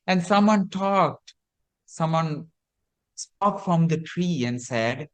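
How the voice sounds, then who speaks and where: Monk delivering a story sermon; unhurried, repetitive, slightly high-pitched man. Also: animated. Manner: slow, repetitive, with hesitant restarts. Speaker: Buddhist monk teacher.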